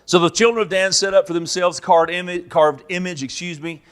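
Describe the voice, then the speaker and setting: A man preaching a Bible teaching, telling stories and acting out characters with sudden loud outbursts. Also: high voice, steady tone, brisk. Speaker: pastor. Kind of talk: sermon teaching.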